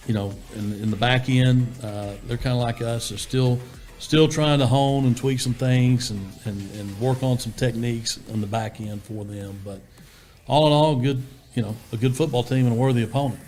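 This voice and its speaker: A man, a head football coach answering interview questions in a steady, plainspoken way, full of fillers and restarts. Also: medium pitch, normal speed, soft background music.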